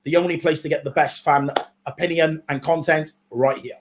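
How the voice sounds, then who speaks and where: A man's voice: fairly high pitch, steady tone, moderate pace, background noise. A man co-hosting a live football watchalong, chatting casually and plugging upcoming streams. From Wales. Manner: friendly promotional plugs, hesitant restarts. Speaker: watchalong co-host.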